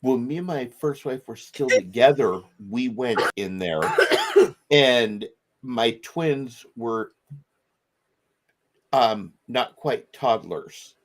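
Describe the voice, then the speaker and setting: A man's voice: medium pitch, animated, slow pace, long pauses. A middle-aged man co-hosting a podcast, telling a rambling story in casual chat and acting out the voices of the people in it. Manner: rambling, restarts and acts out quotes. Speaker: podcast co-host.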